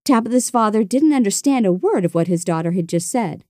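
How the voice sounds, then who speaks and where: A woman narrating a children's storybook in a gentle, expressive way. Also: medium pitch, a little fast, hardly any pauses, no room sound, studio quality.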